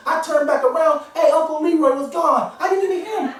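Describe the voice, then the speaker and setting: A man telling a funny true story in an animated way, often laughing as he goes. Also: extremely high pitch, quick pace, few pauses, slight background noise. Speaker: comedian. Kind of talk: comic storytelling. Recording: echoey room from far off.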